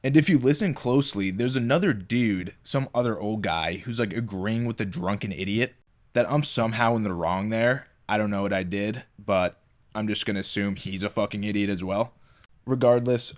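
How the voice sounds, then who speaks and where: A man's voice: fairly low pitch, normal speed. A man narrating a poker vlog in a blunt, irritated storytelling voice-over. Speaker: poker vlogger.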